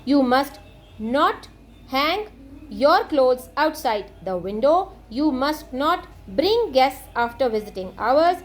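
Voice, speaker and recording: A woman teaching an English textbook lesson, reading items aloud and explaining them in a steady, methodical way. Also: high-pitched, takes it slowly.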